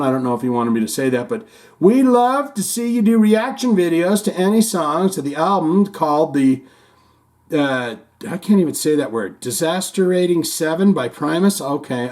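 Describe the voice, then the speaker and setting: Male host, fairly high voice, loose rambling delivery reading comments. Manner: rambling, stumbling restarts. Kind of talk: casual chat reading viewer comments.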